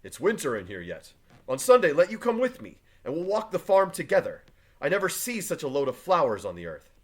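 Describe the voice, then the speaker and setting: A man's voice: fairly high pitch, huge pitch swings, a little fast, pitched above the performer's own voice. A man voicing John Proctor, a stubborn farmer husband, read aloud from a play with old-fashioned phrasing. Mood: earnest. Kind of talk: reading play aloud to a class.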